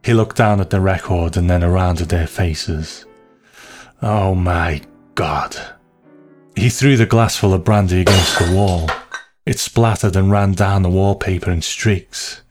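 A man narrating a story in a slow, measured, hushed way. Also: low-pitched, fairly even intonation, soft background music.

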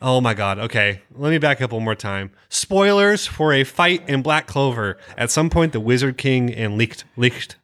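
A man's voice: mid-range voice, expressive, moderate pace, hardly any pauses, a bit bright. A man co-hosting a casual podcast, rambling and often correcting himself as he talks. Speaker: podcast co-host. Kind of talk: casual chat.

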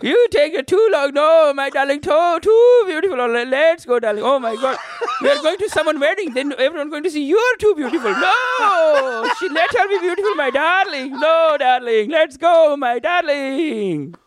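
A man's voice: very high-pitched, expressive, normal speed, background noise, pitched above the performer's own voice. A man voicing a doting man in broken English who fussily hurries his partner along. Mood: fussy doting.

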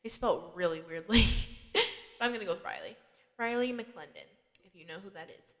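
A woman's voice: mid-range voice, a little fast, fairly bright tone, big-room sound. A woman hosting a podcast, recapping a TV episode in casual, chatty talk, laughing often and filling her speech with "like". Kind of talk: casual chat.

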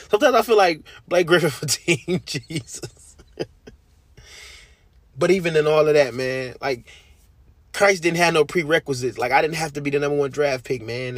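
A man hosting a podcast, talking about his faith in a heartfelt, animated way, using slang and laughing often. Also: mid-range voice, breathy edge, no room sound. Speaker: podcast host. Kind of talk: casual faith talk.

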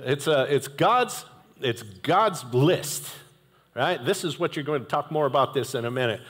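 A male pastor preaching a sermon in an animated, conversational way, with jokey asides. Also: medium pitch, a little slow, slightly rough. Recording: echoey hall reverb.

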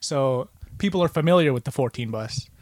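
A young man, telling a story to friends in casual chat. His voice jumps high when he acts out quotes. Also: animated, brisk, darkish tone, dry recording.

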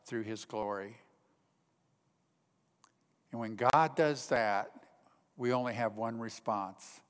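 A male pastor delivering a sermon with earnest conviction. His voice rises to stress key points and then falls to a near-hush. A long reverb trails his words, as in a large hall. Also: lowish voice, slow pace, pauses often. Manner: earnest, rises in emphasis then drops to hushed tones.

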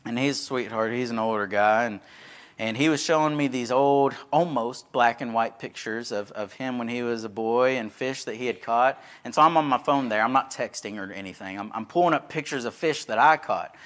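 A man's voice: medium pitch, normal speed, fairly bright tone. Folksy preacher man. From Texas. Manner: folksy, conversational, acts out quoted voices. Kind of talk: sermon with storytelling.

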